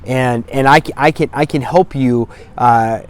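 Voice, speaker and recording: A man's voice: mid-range voice, a little slow. Blunt, swearing male sobriety coach. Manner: blunt, emphatic, swears for emphasis. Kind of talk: direct-to-camera motivational talk. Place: outdoors on a cloudy day.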